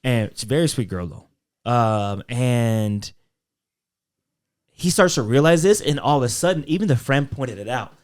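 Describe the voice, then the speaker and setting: A man's voice: mid-range voice, lively intonation, unhurried, darkish tone. A young man co-hosting a podcast, telling a story in casual chat with loose fillers and quoted voices. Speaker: podcast co-host.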